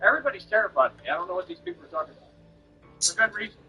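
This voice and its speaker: High, bright-voiced man ranting confrontationally. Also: animated, rapid-fire, lo-fi sound, soft background music. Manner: confrontational, boastful, lecturing. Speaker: streamer. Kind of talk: angry live-stream rant at a critic.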